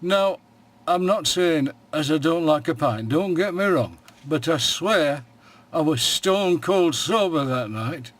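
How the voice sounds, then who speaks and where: An actor playing a wry, plain-spoken old shepherd in a radio monologue, with a broad Yorkshire accent and a dry, homely way of talking. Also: male voice, fairly high pitch, lively intonation, takes it slowly, fairly bright tone. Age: older.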